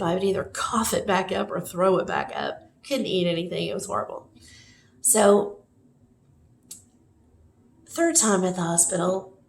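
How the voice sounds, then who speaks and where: A woman's voice: lowish voice, animated, measured pace, gravelly, pauses often. A woman casually telling a personal story to the camera, rambling with many fillers and self-corrections. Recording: echoey room with faint noise.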